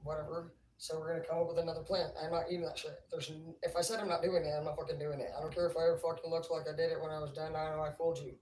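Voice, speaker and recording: A woman's voice: low-pitched, little pitch movement, racing, hardly any pauses, mellow, slight background noise. A woman livestreaming, telling rambling stories in a casual, profane, laughing way. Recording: roomy, distant mic, faint ambience.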